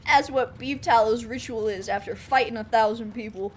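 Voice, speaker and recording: A woman streamer giving casual, animated gaming commentary, exclaiming and laughing often. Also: fairly high pitch, normal speed, slight background noise.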